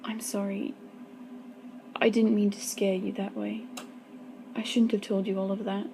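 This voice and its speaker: A woman's voice: level tone, a little slow, warm tone, a little hiss or hum, close to an everyday voice, rough recording. A woman voicing a young man, a lonely servant who speaks with bitter resignation in a read-aloud story. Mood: gentle. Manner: low, bitter, resigned telling.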